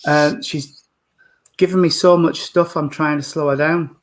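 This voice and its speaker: Gentle man giving a mediumship reading. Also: fairly high pitch, fairly even intonation, measured pace. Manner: gentle, calls people sweetheart and darling.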